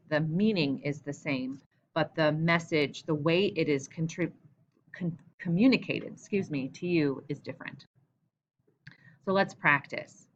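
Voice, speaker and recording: A woman's voice: deep voice, a bit bright, muffled recording, slight background noise. A woman English teacher giving a recorded lesson, explaining patiently and asking guiding questions.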